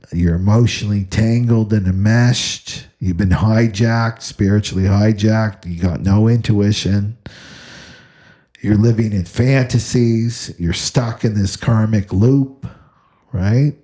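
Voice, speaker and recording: A man's voice: fairly low pitch, dark tone. A man giving an unscripted spiritual astrology talk, repeating phrases and tagging "right?" onto almost every point. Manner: repetitive, asks "right?" constantly. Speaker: astrology teacher.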